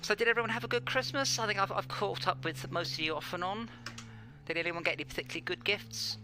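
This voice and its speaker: A man's voice: high-pitched, fast. A man hosting a sim racing stream, chatting casually with a playful, self-mocking manner. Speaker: stream host. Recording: faint background hum.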